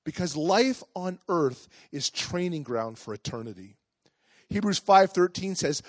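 A man with a fairly high voice preaches a sermon in an easy, conversational way, often asking his listeners questions. The recording is close and dry. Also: animated, unhurried, no room sound. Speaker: pastor.

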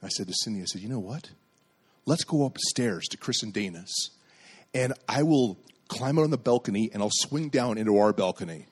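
A man's voice: lowish voice, expressive, brisk, husky. A middle-aged man preaching a sermon as a pastor, telling a personal story and acting out the dialogue in it.

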